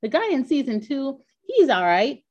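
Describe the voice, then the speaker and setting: A woman co-hosting a podcast in casual chat, talkative and quick to laugh, with lots of filler words. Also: sits high, sing-song, a little mellow. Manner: chatty, laughs often, many "like" fillers. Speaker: podcast co-host. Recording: dull lo-fi sound.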